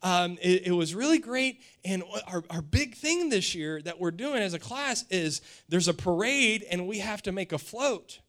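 Man putting on his sweet-talking wife, soft and pleading, bright voice. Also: high-pitched, lively intonation, normal speed, hardly any pauses, voice pushed down.

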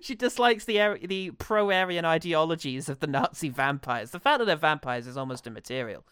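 A man's voice: fairly high pitch, expressive, brisk, fairly bright tone, smooth, no room sound, clean studio sound. A man co-hosting a podcast in casual chat, playful and sarcastic, laughing often. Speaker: podcast co-host.

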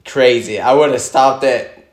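A man talking casually over a fight, animated, profane and quick to laugh. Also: medium pitch. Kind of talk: casual fight-watching chat. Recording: roomy echo.

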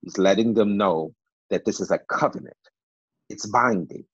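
Emphatic low-voiced man teaching scripture. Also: moderate pace, breathy edge, dry recording, muffled recording. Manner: emphatic, repeats key words, many fillers. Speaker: preacher on a panel discussion. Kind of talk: Bible teaching in a panel talk.

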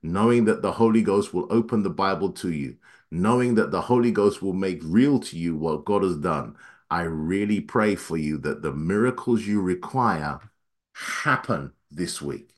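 Low-voiced man preaching with sweeping dynamics. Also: lively intonation. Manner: dynamic preaching, voice rising high then dropping low and soft; reads scripture quickly. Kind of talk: sermon.

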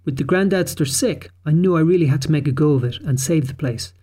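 A man's voice: a little high, fairly quick, dark tone, natural voice. A man voicing an adult woman park manager who earnestly confesses and explains herself. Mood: earnest confession.

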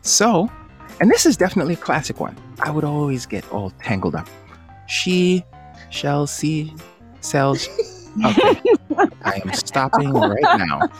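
A man hosting a playful tongue-twister game on a video call, upbeat and quick to laugh. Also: faint music behind. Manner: upbeat, laughs often, very lively pitch. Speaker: host. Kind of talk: game show banter.

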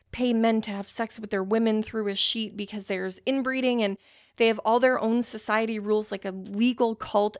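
An excitable young woman hosts a casual book-talk podcast, rambling through her thoughts with plenty of "like" fillers and the odd swear word. Her voice carries a gravelly, fry-laden edge, and the recording is dry and close with no room sound. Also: mid-range voice, no room sound. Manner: easily worked up, swears casually. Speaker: podcast host. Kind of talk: casual book-review chat.

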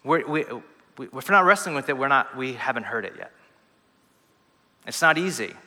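A man's voice: mid-range voice, animated, moderate pace, bright, forceful tone. A man preaching a sermon as a pastor, telling stories in a conversational way with many restarts and fillers. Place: church hall. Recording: long reverb of a hall.

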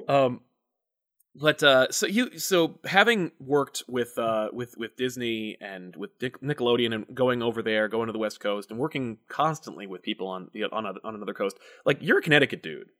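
A man hosting a casual chat, telling animated stories full of swearing and acted-out voices. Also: brisk. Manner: animated storyteller, swears, acts out voices with big pitch jumps. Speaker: podcast host.

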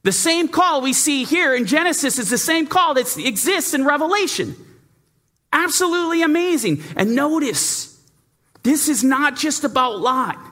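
A man delivers a sermon with urgent, emphatic force. His voice sits very high and sounds bright. His pitch swings widely as he presses each point. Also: animated, normal speed. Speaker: preacher.

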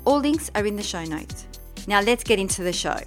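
A woman hosts a podcast in an upbeat, eager way, moving from a read intro into friendly interview chat. Her voice sits at an ordinary middle pitch, and faint music plays softly behind her. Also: lively intonation, a little fast. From Australia. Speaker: podcast host.

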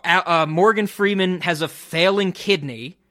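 A young man hosting a casual podcast, giving a blunt, profane, animated review of a film. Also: fairly high pitch, normal speed, no room sound, clean studio sound. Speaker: podcast host. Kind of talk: casual chat.

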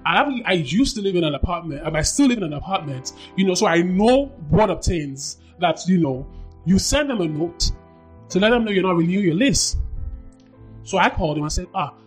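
Woman on a podcast, telling her story all fired up, repeats stuff, soft music way in the back. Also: lowish voice, brisk. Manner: animated, emphatic, acts out quoted dialogue, repeats phrases. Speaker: anonymous podcast guest. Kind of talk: candid personal storytelling.

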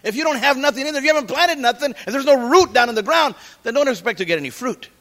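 A middle-aged man preaching a sermon as pastor, animated, quoting scripture and cracking jokes. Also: extremely high pitch, fast.

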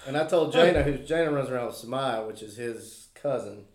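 A man's voice: mid-range voice, animated, brisk. A man chatting casually, telling rambling stories and acting out what friends said. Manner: rambling storyteller, acts out quotes. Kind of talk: casual chat. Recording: roomy.

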